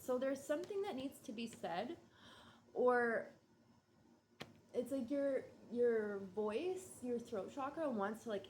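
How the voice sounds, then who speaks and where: A woman's voice: a little high, darkish tone, slight background noise. A woman giving a casual tarot reading, musing and hesitant, drowsy and yawning. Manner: slow, musing, hesitant with many ums and likes. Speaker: tarot reader.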